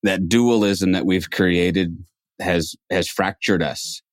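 A man's voice: low voice, fairly even intonation, takes it slowly, no room sound, studio quality. A man hosting a podcast in a casual conversation, talking reflectively and often restarting phrases. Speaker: podcast host.

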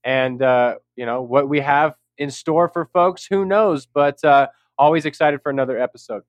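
A man's voice: fairly high pitch, normal speed, dry recording. A man from California co-hosting a podcast, irreverent and self-deprecating. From San Jose, California. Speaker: podcast co-host. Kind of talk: casual podcast banter.

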